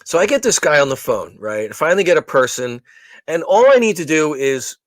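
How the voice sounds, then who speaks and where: A male podcast co-host in loose, casual chat who tells stories with animation, acting out the voices he quotes and often restarting his sentences. His voice sits slightly high, and the sound is close and dry. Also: very animated, brisk, dry recording.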